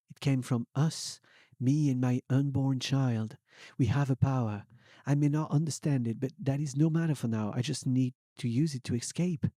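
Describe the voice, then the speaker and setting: A young man streamer reading fan fiction aloud as a comic dramatic reading, swinging between hushed and loud. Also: mid-range voice, no echo, studio quality.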